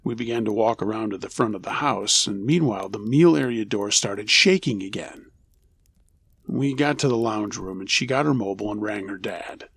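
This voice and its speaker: Guy reading creepy true stories, low pitched rough edge, steady and unhurried. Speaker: narrator.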